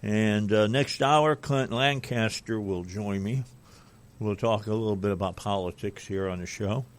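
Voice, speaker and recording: A man's voice: fairly low pitch, measured pace, smooth. A male talk radio host chatting casually in a studio, rambling with fillers and restarts. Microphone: studio microphone.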